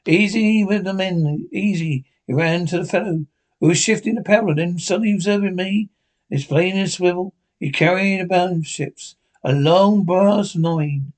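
A man narrating an audiobook in a plain, steady reading voice. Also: high voice, normal speed. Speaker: audiobook reader.

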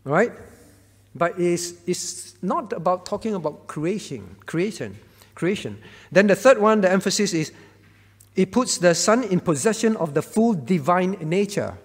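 A man's voice: high voice, animated, unhurried, breathy edge. A male pastor teaching through Bible questions, repeating key phrases and checking in with listeners. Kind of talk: teaching Q&A talk. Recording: long reverb hall.

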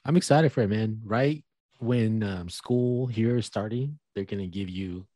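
Chill low-voiced dude co-hosting a podcast, mellow tone. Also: male voice, unhurried, no echo, studio quality. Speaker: podcast co-host. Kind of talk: casual chat.

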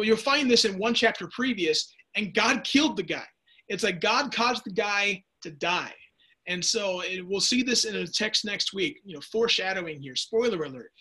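Guy running a chill bible study, kinda high voice, cracks little jokes, restarts his sentences a lot. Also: sharp tone. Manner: chatty, jokey asides, restarts mid-sentence; answers viewers' typed questions. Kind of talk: casual Bible study lesson.

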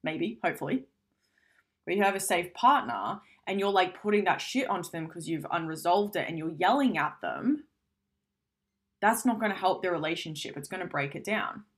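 A woman's voice: lowish voice, animated, normal speed. A woman giving a casual self-help talk, speaking frankly and conversationally, swearing now and then.

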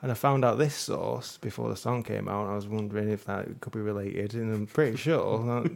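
A man's voice: lowish voice, brisk, gravelly, a little mellow. A man co-hosting a casual podcast chat, reading news stories aloud to his friends and chuckling often. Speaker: podcast co-host.

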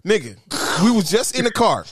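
A man's voice: high-pitched, brisk, slightly rough, dry recording. Profane man telling stories. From Detroit, Michigan. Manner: profane, animated storyteller. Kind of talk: casual storytelling chat.

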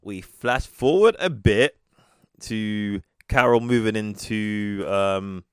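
A man's voice: fairly low pitch, takes it slowly, clean tone, no echo, studio quality. A man co-hosting a podcast, recapping a film in casual chat and acting out the characters' lines. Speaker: podcast co-host.

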